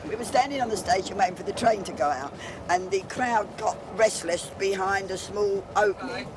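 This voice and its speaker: A football supporter telling a story in a brisk, indignant way. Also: male voice, sits high. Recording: street noise outdoors.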